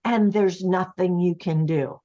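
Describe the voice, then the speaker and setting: A woman's voice: fairly low pitch, measured pace, mellow. Emphatic woman on muffled lo-fi audio. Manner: emphatic, acts out quoted voices while explaining. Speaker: author and interview guest. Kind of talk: conversational interview.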